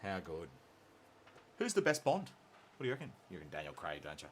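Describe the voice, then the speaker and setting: A man's voice: deep voice, wildly swooping pitch, fairly quick, a little hiss or hum. A man hosting a live painting stream, joking and teasing in casual chat. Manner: playful, teasing, self-mocking. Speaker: stream host painting miniatures. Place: hobby shop office.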